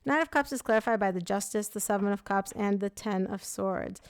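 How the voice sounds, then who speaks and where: A woman's voice: mid-range voice, fairly quick, clean tone, no echo, studio quality. Chatty young woman reading tarot. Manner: chatty, frank, full of "like" and self-corrections. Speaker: tarot reader. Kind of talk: casual tarot reading to camera.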